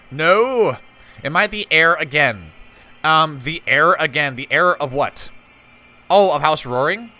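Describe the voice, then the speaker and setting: A man's voice: mid-range voice, bright, forceful tone. A man giving casual commentary on a strategy game, chatty, talking to his viewers and laughing easily. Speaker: gameplay host.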